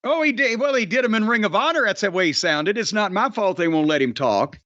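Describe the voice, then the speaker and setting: A man's voice: sits high, lively intonation, brisk, sharp tone, no echo, lo-fi sound. A man co-hosting a wrestling podcast, ranting bluntly and profanely in exasperated complaint. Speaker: wrestling commentator.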